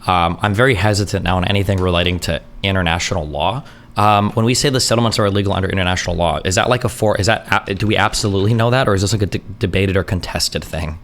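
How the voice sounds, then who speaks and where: A man's voice: sits low, fast talker, hardly any pauses, fairly bright tone. A man hosting a stream debate, asking careful questions and giving brief acknowledgements. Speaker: streamer host. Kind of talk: online debate call.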